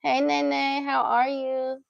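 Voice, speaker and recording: A woman's voice: high voice, completely flat delivery, takes it slowly, creaky, dry recording, dull audio. Woman chatting playfully on a livestream. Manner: playful baby talk with her pet, chatting to viewers. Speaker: livestream host. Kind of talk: casual livestream chat.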